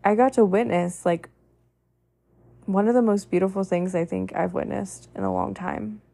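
A woman's voice: mid-range voice, fairly even intonation, normal speed, creaky, mellow. A woman hosting a podcast, giving a heartfelt motivational monologue in an earnest way, stacking long lists and often saying "like". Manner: earnest, repetitive lists, frequent "like" fillers. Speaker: podcast host.

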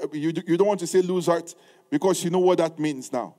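A man's voice: high voice, brisk, darkish tone. A man preaching a sermon as pastor, reading scripture aloud and stressing points through repetition. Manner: reads scripture aloud in old-style wording.

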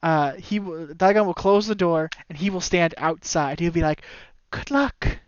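A man's voice: on the high side, moderate pace, smooth, no echo. A man narrating a tabletop game as game master, describing scenes with many hesitant ums. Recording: slightly dull dry audio.

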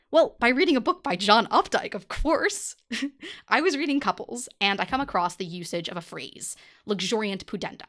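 A young woman hosting her own podcast reads a scripted segment with a wry, pointed edge. Her pitch leaps up and drops down constantly, giving the delivery a lively, animated bounce. She leans hard on certain words for emphasis. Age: young adult. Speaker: podcast host.

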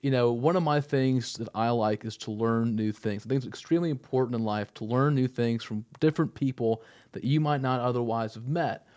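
A man's voice: mid-range voice, darkish tone. A young man co-hosting a podcast, joking and rambling in casual chat. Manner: joking, rambling, quick to laugh. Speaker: podcast co-host.

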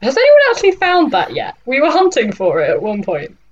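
A woman's voice: sits high, wildly swooping pitch. Laughing woman on a dull, lo-fi mic. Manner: laughs between quick remarks. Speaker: podcast co-host reading her writing. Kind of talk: casual chat.

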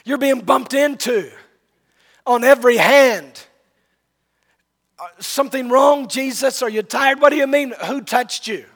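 Baffled disciples, as a male preacher plays them, asking in loud disbelief. The voice is high and the questions are drawn out. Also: measured pace, pauses often, heavily acted. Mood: incredulous. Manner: incredulous, questioning. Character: puzzled disciples questioning their teacher.

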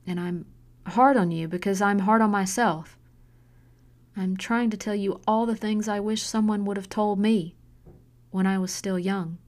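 A woman's voice: medium pitch, a little mellow, close to an everyday voice. A woman voicing an intense middle-aged mother who is hard on her daughter, speaking in an earnest, pressing way in an audiobook story. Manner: earnest, pressing, slow deliberate pleading.

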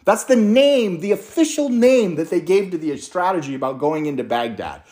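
An American man with a high voice tells a story at normal speed in a casual monologue. He rants in an animated way, swearing freely and slipping into mocking quotes of others.

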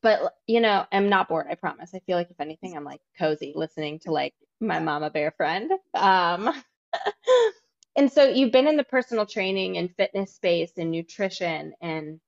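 A woman's voice: fairly low pitch, lively intonation, moderate pace, vocal fry, few pauses. A woman hosting a podcast interview, candid and chatty, who swears casually. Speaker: podcast host. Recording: dull lo-fi audio.

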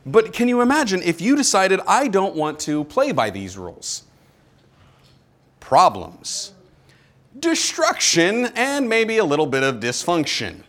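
A man's voice: fairly high pitch, fairly bright tone. A male pastor preaching a conversational, emphatic sermon full of rhetorical questions.

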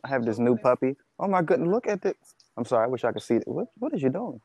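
Mellow laid-back man on a podcast. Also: mid-range voice, sing-song, fast talker, husky, no echo. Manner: laid-back, teasing, slangy. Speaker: podcast co-host. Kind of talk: casual podcast chat.

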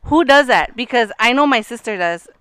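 A woman's voice: on the high side, lively intonation, moderate pace, fairly bright tone, clean tone. A woman, co-hosting a podcast in casual, teasing chat that slips Spanish into her English. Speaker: podcast co-host.

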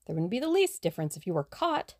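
A woman's voice: fairly low pitch, very animated, fast, no echo. A woman voicing a cheerful, dry-witted young man who teases his friend.

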